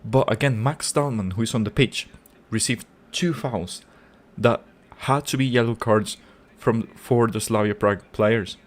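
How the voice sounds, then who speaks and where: A man's voice: fairly low pitch, measured pace, hardly any pauses. Male fan-channel host reacting live to a match: heated, profane, informal rant. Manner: angry, swearing rant; informal, repeats words.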